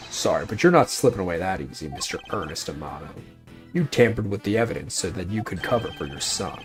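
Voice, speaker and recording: Male streamer reading a cocky, low-voiced Interpol agent, gruff and scornful, with faint music under him. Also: lively intonation, quick pace.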